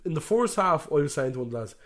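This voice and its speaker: A man's voice: on the high side, very animated, racing, a bit bright. Man, Dublin Irish accent, young adult, laughing storyteller, casual podcast chat. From Ireland. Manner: laughing storyteller acting out quotes. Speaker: podcast co-host.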